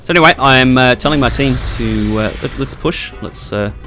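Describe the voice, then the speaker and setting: Young male gameplay commentator, casual and chatty, tense bright tone. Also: mid-range voice, normal speed. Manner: chatty, laughs often, excitable at tense moments. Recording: faint background music.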